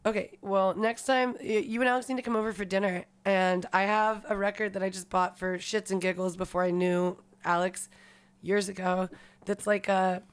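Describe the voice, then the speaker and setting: A woman's voice: mid-range voice, moderate pace, smooth. A young woman co-hosting a casual podcast, telling stories with lots of swearing and laughter and acting out the people she quotes. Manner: animated storyteller, acts out quoted people in raised voices. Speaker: podcast co-host. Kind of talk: casual chat.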